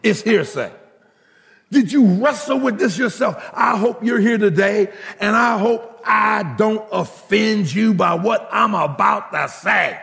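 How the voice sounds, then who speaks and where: High gravelly preacher guy, jokey then shouting, big echoey hall. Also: a little slow. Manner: animated, humorous, rising to shouting crescendos. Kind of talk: sermon.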